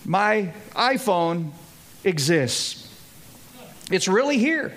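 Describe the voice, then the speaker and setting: A male pastor giving a sermon in a conversational, animated storytelling manner with dramatic pauses. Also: sits high.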